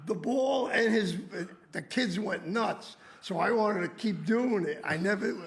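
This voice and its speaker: A man, a former school principal, telling school stories in casual chat, getting loud and indignant. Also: high voice, measured pace, vocal fry.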